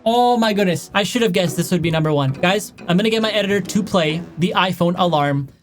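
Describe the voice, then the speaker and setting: A young man making a casual reaction vlog, chatty and animated, often calling his viewers "guys.". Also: high voice, brisk, soft background music. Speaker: YouTuber reacting to sound clips.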